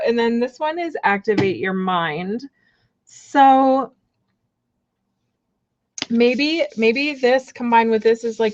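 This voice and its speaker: A woman's voice: a little high, lo-fi sound. A woman giving casual card readings on a live stream, rambling with lots of fillers, laughing and apologizing often.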